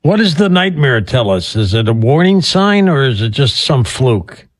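A man hosting a radio talk show, asking questions and leading into the break in a smooth broadcast manner. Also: medium pitch, sing-song, normal speed. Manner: inquisitive, smooth broadcast delivery.

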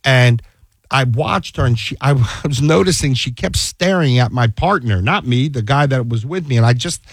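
A man's voice: medium pitch, expressive, normal speed, dry recording. A man who is a defense attorney, telling a courtroom story in a casual interview. He acts out the dialogue he quotes, restarts often and keeps checking that the listener follows.

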